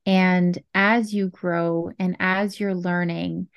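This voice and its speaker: A woman's voice: fairly low pitch, little pitch movement, takes it slowly, vocal fry, clean tone, no room sound, highs cut off. A woman from Canada, a guest on a podcast interview, speaking in an affirming, encouraging way. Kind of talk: warm conversational interview.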